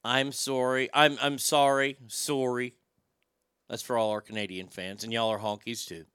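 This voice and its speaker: A man's voice: lowish voice, a little fast, fairly bright tone, clean tone, no room sound, studio quality. Blunt, ranting male talk host. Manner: blunt, profane, stammering restarts. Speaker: show host. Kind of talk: opinionated talk show rant.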